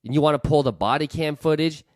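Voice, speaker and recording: A man's voice: a little high, quick pace, darkish tone, dry recording. A man, a real estate investor hosting his own channel, giving blunt, ranting opinion commentary. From Canada.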